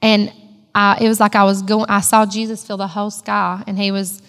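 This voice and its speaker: Woman with a gravelly voice telling her testimony. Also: mid-range voice, flat delivery, moderate pace, fairly bright tone, long reverb tail. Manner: emotional, storytelling. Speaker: church member giving testimony. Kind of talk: personal testimony.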